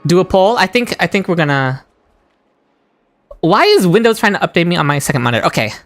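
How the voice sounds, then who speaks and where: A woman's voice: fairly low pitch, sing-song, a little fast, faint music behind. A woman streaming a game live, chatting with viewers and shrieking with delight at lucky rolls. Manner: chats with viewers in chat. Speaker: gaming streamer. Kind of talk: live-stream gaming commentary. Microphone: desk microphone.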